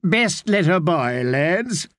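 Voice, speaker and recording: A man's voice: on the high side, big pitch swings, takes it slowly, fairly bright tone, no room sound, studio quality, voice pushed up, exaggerated voice. A man doing a languid mocking young knight. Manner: drawling, sardonic.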